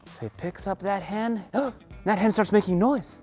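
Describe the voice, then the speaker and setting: A woman leading a children's yoga lesson through a story, animated and playful, gasping with excitement. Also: medium pitch, normal speed, soft background music. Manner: animated, playful, lots of gasps. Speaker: kids' yoga teacher.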